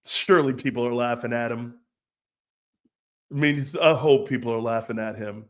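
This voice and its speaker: A man's voice: mid-range voice, a little slow, long pauses. A man hosting sports talk radio, ranting in a brash, profane way and laughing between his jabs. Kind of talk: opinionated sports radio rant.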